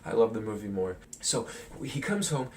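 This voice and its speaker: A man's voice: on the low side, lively intonation, moderate pace, a little mellow. Rambling male vlogger, distant mic. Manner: rambling, filler-heavy, chuckles while talking. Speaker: film commentary vlogger. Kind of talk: casual movie analysis. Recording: distant mic with faint noise.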